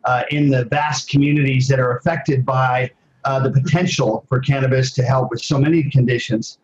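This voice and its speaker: An older man in his sixties talks as an interview guest, rambling through personal stories. His speech is full of pauses and restarts. The sound is slightly dull and muffled. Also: mid-range voice, fairly even intonation. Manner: rambling, with many fillers and restarts. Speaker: guest, former athlete and advocate. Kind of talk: casual storytelling interview.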